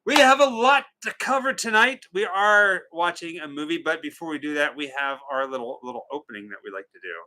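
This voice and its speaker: Lively, bright-voiced joking male host. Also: a little high, fairly quick, few pauses. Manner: playful, joking, theatrical greetings. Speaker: co-host of a movie watch party stream. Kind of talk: casual livestream chat, reading out viewer names.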